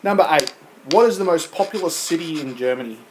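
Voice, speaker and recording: A man's voice: a little high, lively intonation, fairly quick, slight background noise, low-quality recording. Teasing man reading a quiz. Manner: teasing, laughs often. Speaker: podcast co-host reading quiz questions. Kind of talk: casual banter.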